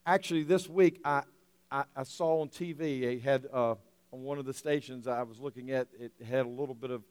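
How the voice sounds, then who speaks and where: A man preaching a sermon, telling a story with animated, emotional swells and frequent restarts. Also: mid-range voice, a little fast, clear, resonant tone, no echo. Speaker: pastor.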